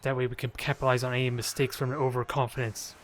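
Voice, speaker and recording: A man's voice: medium pitch, flat delivery, fast talker, a bit bright, a little hiss or hum. A man casually commentating his own video game match, joking and trash-talking his opponent. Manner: playful, jokey trash talk.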